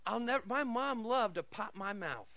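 A middle-aged man preaching a sermon as pastor, telling stories with animated swings between shouted lines and quiet asides. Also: sits high, moderate pace, vocal fry.

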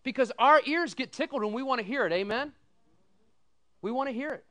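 A middle-aged pastor preaches his sermon in a high, smooth, clear voice. He tells folksy stories, acts out the people in them with lively voices, and keeps asking the congregation "amen?". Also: brisk. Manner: folksy storytelling, animated quoted voices, asks "amen?".

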